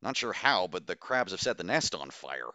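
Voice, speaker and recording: A blunt scout with a rifle makes dry, matter-of-fact remarks, as a man reads the part in an audiobook. The voice is low and forceful. It sounds dry and close. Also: very animated, moderate pace, dry recording, full character voice. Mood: tense.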